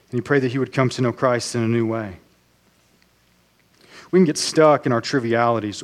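A man preaching a sermon as pastor, earnest and measured, slowing down on key phrases. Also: medium pitch.

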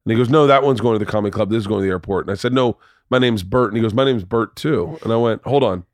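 A man's voice: fairly low pitch, racing, no room sound, studio quality. A man hosting a podcast, telling stories in casual chat, swearing freely and acting out the voices of people in his stories. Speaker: podcast host.

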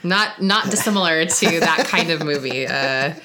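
A woman's voice: low-pitched, lively intonation, normal speed, sharp tone. A woman co-hosting a podcast in casual chat, chatty and giggly with many fillers. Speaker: podcast co-host.

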